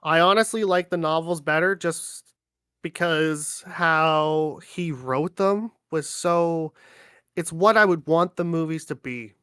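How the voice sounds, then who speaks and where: Clear, dry-voiced man. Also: a little high, takes it slowly, no room sound. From Ontario, Canada. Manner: relaxed, rambling, with many ums and likes. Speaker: guest. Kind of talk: casual chat on a livestream.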